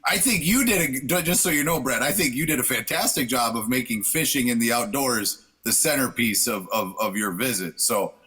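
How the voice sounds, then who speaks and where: A man's voice: medium pitch, moderate pace, few pauses, pushed and bright, breathy edge. A man who chaired a local event, talking earnestly and upbeat on a radio show, often restarting his sentences. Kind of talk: casual radio chat.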